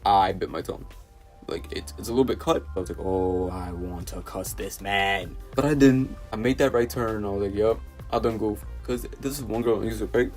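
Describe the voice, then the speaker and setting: A man's voice: lowish voice, normal speed, darkish tone, faint music behind. A teenage young man from New City, telling an exasperated storytime vlog full of fillers and restarts. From New York City. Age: teens. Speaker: vlogger.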